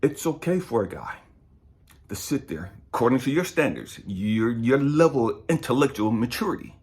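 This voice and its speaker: A man's voice: medium pitch, big pitch swings, normal speed, darkish tone. A middle-aged man, a spiritual coach, preaching in an impassioned, emphatic way and swearing freely. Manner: profane, emphatic, passionate.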